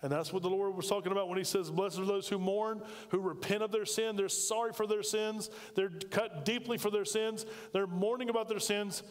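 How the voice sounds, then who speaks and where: A man's voice: high-pitched, steady tone, brisk, hardly any pauses. A man preaching a sermon in a chatty way, full of asides and rhetorical questions. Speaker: pastor. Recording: reverberant hall.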